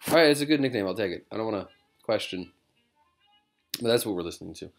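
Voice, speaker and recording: A man's voice: lowish voice, animated, fast talker, soft background music. A man, a comedian, chatting casually and rambling from his living room, drifting between digressions with self-mocking humor. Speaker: comedian vlogger.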